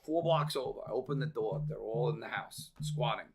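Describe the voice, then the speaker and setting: A man guest on a podcast telling lively stories in casual chat, swearing freely and acting out the people in them. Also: medium pitch, fairly quick. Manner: animated, swears freely, acts out voices. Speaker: podcast guest, real estate veteran. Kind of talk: casual storytelling.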